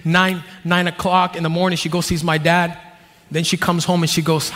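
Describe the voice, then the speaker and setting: High-voiced animated man preaching in a hall. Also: normal speed, a little hiss or hum. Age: 30s. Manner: animated, joking, swings from low asides to shouted peaks. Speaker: pastor. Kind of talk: sermon. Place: church hall. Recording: long reverb of a large hall.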